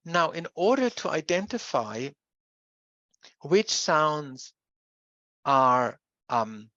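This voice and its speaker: Lecturer talking thru a uni class, lots of pauses n restarts, dull dry sound. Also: medium pitch, very animated, fairly bright tone, no echo. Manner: explanatory, with pauses and self-corrections. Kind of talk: university lecture.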